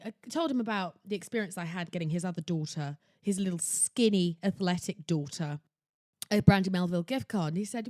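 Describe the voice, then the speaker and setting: A young woman hosting a podcast, talking in a theatrical, exclamatory way that jumps between loud outbursts and hushed asides. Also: fairly low pitch, animated, a little fast, no echo, clean studio sound. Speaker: podcast host. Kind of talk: casual chatty monologue. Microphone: laptop recording setup.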